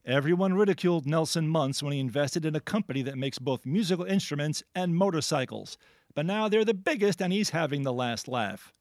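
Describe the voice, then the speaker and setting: Animated, jokey male quiz host. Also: a little high, a little fast, no room sound, clean studio sound. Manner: animated, jokey, laughs often. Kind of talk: playful radio word quiz.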